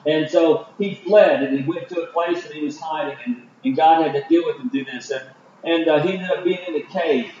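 A man preaching a Bible study sermon, halting with many fillers and restarts. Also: fairly high pitch, a little mellow, slight background noise. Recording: distant, roomy, dull lo-fi.

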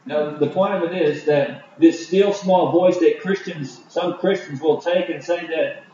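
A man preaching a Bible study sermon, halting with many fillers and restarts. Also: a little high, mellow, a little hiss or hum. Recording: distant, roomy, dull lo-fi.

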